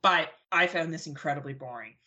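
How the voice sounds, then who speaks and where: Profane, blunt woman ranting brightly. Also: low voice, fairly quick, highs cut off. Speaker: podcast co-host. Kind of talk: casual chat.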